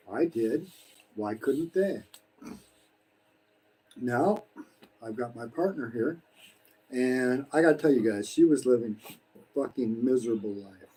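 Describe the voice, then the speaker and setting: A man's voice: mid-range voice, mellow, breathy edge, rough recording. A man in his sixties from the United States, talking bluntly and preachily in a casual live-stream while eating, swearing freely. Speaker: vlogger. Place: home in the Philippines.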